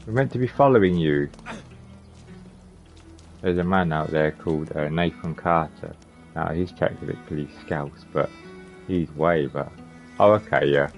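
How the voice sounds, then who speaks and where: A man with a creaky bass voice streams a video game live, rambling casually and addressing viewers by name. His tone stays steady and his pace measured, with long pauses, soft background music, and slightly muffled lo-fi stream audio.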